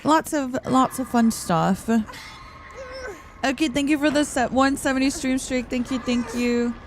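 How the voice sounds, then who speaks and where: A woman streamer with a hoarse, tired morning voice, chatting and giggling casually while she plays and reads her chat aloud. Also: high voice, a little slow, noisy background. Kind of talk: casual gameplay livestream chat. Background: faint background music.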